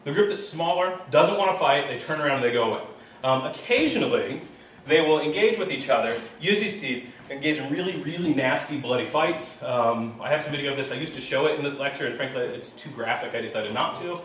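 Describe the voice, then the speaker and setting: Animated man lecturing in an echoey hall. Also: on the high side, fairly quick. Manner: lively, animated, acts out chimp calls. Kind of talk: university lecture. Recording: echoey lecture hall, distant mic, background noise.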